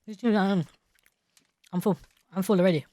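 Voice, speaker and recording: A man's voice: high-pitched, fairly even intonation, a little fast, dark tone, dry recording. Mumbling guy with his mouth full. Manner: mumbling, muffled by food. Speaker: podcast co-host. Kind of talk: casual banter during an eating challenge.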